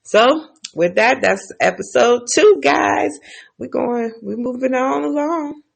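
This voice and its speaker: A woman's voice: sits high, slow pace, creaky. A woman casually recapping TV episodes, chatty and profane, laughing as she tells the story. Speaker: TV recap vlogger.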